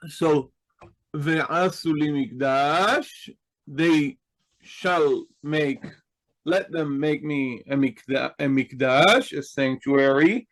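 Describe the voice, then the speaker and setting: A man's voice: fairly high pitch, takes it slowly, poor audio. A man teaching a Hebrew grammar class, explaining patiently and checking in with his students.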